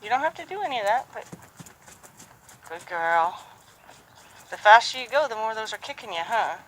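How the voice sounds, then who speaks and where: A horse trainer talks through a training session outdoors, calmly coaching and softly praising the horse again and again. The voice is bright and forward, with faint hoofbeats and open-air ambience underneath. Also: medium pitch, moderate pace, a little hiss or hum, rough recording. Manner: calm coaching, repeated soft praise to a horse. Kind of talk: live training commentary.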